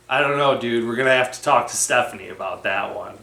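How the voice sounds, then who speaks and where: A man's voice: medium pitch, quick pace, gravelly, hardly any pauses, sharp tone, reverberant. A man hosting a children's variety show in a friendly, easygoing way. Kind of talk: casual kids' show hosting.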